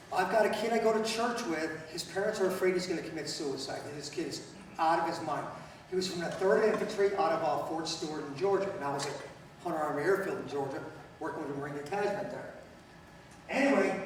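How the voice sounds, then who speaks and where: A man's voice: sits high, a little hiss or hum. A middle-aged man giving a talk to an audience, telling stories bluntly with jokes and questions to the crowd. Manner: storytelling, blunt and joking, asks the audience questions. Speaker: speaker. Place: lecture hall. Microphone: far from the mic. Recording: very echoey hall, speaker far off.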